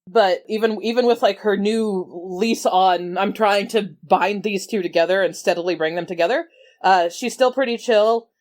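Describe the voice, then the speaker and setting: A woman's voice: mid-range voice, moderate pace, a little mellow. A woman playing a character in a tabletop game, laid-back and dry, with a wry sense of humor. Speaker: player.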